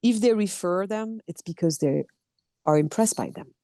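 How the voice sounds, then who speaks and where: Woman, expressive storyteller, conversational interview, dry sound. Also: medium pitch, moderate pace, no room sound. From France. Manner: animated storyteller acting out quotes, restarts often. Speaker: actor and dub producer. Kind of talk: casual interview chat.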